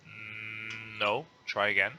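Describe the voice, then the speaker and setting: A man with a very bright, sharp voice who speaks English as a second language. He hosts a casual gaming chat on an online call, pausing often and thinking aloud as he works through the rules. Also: on the low side, monotone, a little hiss or hum. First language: not English. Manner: hesitant, thinks aloud while reading rules. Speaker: host.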